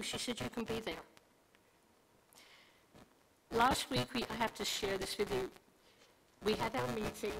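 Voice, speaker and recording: Gravelly-voiced woman chatting to a congregation. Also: fairly high pitch. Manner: chatty, tells stories with quoted dialogue. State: recovering from losing her voice. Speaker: congregant sharing a milestone. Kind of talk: informal speech to a congregation. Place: temple sanctuary. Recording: noisy livestream recording.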